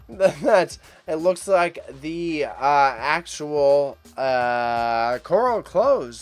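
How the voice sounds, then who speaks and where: A man with a stuffy, congested nose hosts a live stream. He rambles casually, laughs often and stumbles over names. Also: a little high. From Canada. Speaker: live stream host reacting to an auction.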